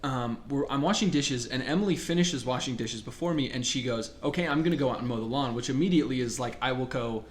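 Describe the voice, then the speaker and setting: A man's voice: mid-range voice, fast, hardly any pauses, a little hiss or hum. A young man co-hosting a podcast, telling a story in casual chat and acting out the people in it. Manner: animated, laughing, acts out voices in quotes. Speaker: podcast co-host.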